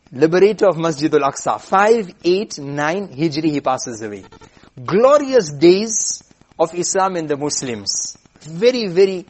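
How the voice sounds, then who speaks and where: A man preaching, telling a story in an animated way and acting out the characters. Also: fairly high pitch. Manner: animated storyteller, acts out voices. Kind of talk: sermon storytelling.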